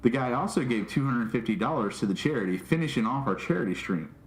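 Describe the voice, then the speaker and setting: A man co-hosting a casual podcast, telling animated stories and acting out what people said. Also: medium pitch, quick pace, slight background noise. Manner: animated storytelling, acting out quotes. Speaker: podcast co-host and streamer. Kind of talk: casual chat. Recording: roomy echo.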